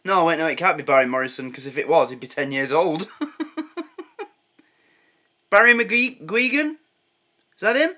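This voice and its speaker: English male reaction host, lively and bright, excitable, thinks aloud. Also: a little high, normal speed, pauses often. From England. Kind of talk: casual reaction commentary.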